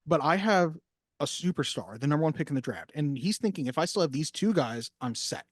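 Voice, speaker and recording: A man co-hosting a casual film podcast, talking at length and acting out movie lines with lively emphasis. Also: on the high side, fairly quick, dry recording, clean studio sound. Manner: animated, acts out movie lines. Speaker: podcast co-host.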